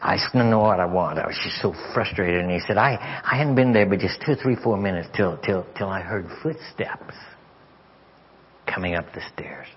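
A man preaching as a guest speaker, telling a story with stammered repeats and sometimes sinking to a hushed whisper. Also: low-pitched, animated, normal speed, a little hiss or hum. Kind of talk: sermon storytelling. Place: church sanctuary. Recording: dull lo-fi church audio.

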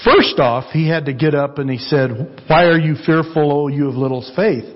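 A man's voice: on the high side, normal speed, muffled recording. A man preaching a sermon in church, earnest and repetitive, asking the congregation for amens. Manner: earnest, repeats phrases, asks the congregation for amens. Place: church sanctuary.

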